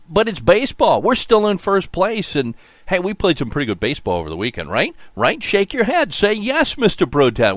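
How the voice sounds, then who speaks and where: Older male sports talk host, fairly high voice, chatty and animated, dry recording. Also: dry recording. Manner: folksy, rambling, animated with many fillers. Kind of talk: solo sports radio podcast monologue.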